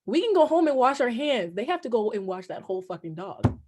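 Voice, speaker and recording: A young woman from New Jersey with a New Jersey accent, telling a casual story with swearing and animated quoting. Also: on the high side, fairly quick. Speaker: guest, cousin of host.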